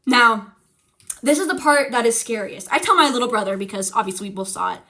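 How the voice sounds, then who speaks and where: A young woman streamer casually telling a ghost story, animated and swearing, acting out the quotes. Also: a little high, fairly quick.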